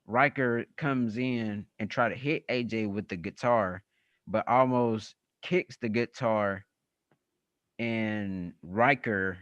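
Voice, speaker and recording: A man's voice: lowish voice, a bit bright, dry recording, lo-fi sound. A man hosting a casual wrestling podcast, recapping matches in a rambling way with many fillers. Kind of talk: casual show recap chat.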